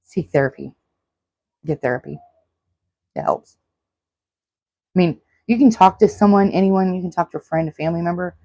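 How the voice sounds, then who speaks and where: A woman's voice: lowish voice, moderate pace, long pauses, warm tone, dry recording, muffled recording. Earnest woman in her forties giving advice. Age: 40s. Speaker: podcast host. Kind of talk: solo self-help podcast talk.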